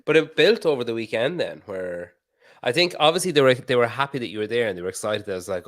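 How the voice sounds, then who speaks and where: A man's voice: mid-range voice, animated, fast talker, fairly bright tone, no room sound, clean studio sound. A man hosting a podcast interview, casual and joking, laughing a lot as he asks his questions. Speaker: podcast host.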